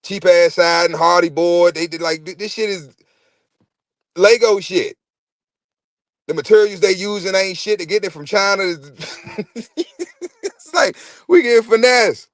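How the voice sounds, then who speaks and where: A man, hosting a podcast in a casual, profane rant. He is animated, repeats himself and stumbles over words. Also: sits high, normal speed, pauses often, dry recording, clean studio sound. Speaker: podcast host. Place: podcast studio.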